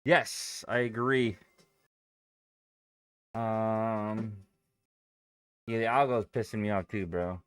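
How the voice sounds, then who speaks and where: A man's voice: on the low side, fairly even intonation, takes it slowly, long pauses, fairly bright tone, clean tone, no room sound, studio quality. A young adult man chatting casually and loosely on a live stream, swearing freely and reading out viewer comments. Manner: loose and profane, thinking aloud. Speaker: day trading streamer.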